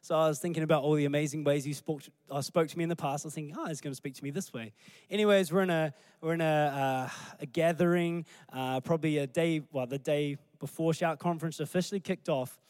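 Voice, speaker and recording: A man, a pastor preaching a sermon through animated storytelling. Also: a little high, fast, few pauses, smooth, dry recording. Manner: animated storytelling, acting out scenes.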